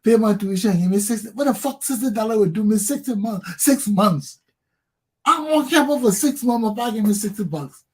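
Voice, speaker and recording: A man with a Liberian English accent hosting a talk show, telling profane personal stories with animated, laughing delivery. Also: high-pitched, brisk, breathy edge. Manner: animated, profane, laughs often, acts out quotes loudly. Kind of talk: casual storytelling monologue.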